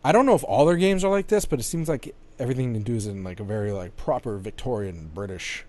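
A man's voice: medium pitch, lively intonation, fast talker, warm tone, dry recording. A man co-hosting a podcast in casual chat, teasing and laughing often. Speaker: podcast co-host.

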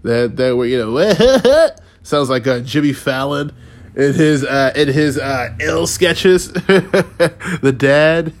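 A man in his thirties ranting in a casual, profane, rambling way, sarcastic and quick to laugh. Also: fairly high pitch, expressive. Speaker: podcast host. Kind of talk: casual rant.

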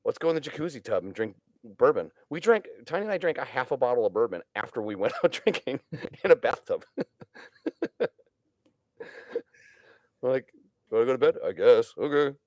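A man talks in a loose, rambling way, swearing as he tells stories. His voice sits at a middle pitch. The recording is dry and close. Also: very animated, moderate pace, long pauses, no echo. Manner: rambling storyteller, swears freely. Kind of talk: casual chat.

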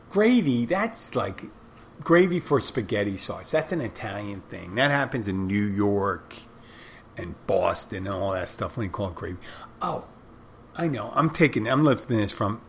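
A man's voice: on the low side, a bit bright. A middle-aged man, talking casually and rambling in a folksy, profane way. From Philadelphia, Northeast. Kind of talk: casual monologue.

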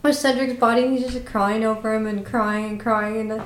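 A woman's voice: fairly high pitch, a little fast, echoey room, rough recording. A middle-aged mother in casual chat, patiently recapping a film's plot and steering the talk back on track. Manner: steady storyteller, keeps steering back on track. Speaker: podcast co-host, mother.

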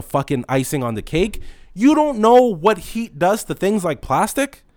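A man's voice: high voice, very animated, unhurried, a little mellow, dry recording, clean studio sound. A young man who manages a store, telling a story in an exasperated, mock-incredulous rant full of swearing.

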